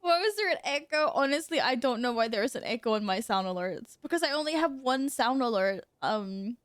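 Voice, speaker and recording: A woman streams a game and chats casually with her viewers, exclaiming and giggling a lot as she talks to chat. Her voice is slightly high with lively intonation and a brisk pace, recorded with clean studio sound and no room sound.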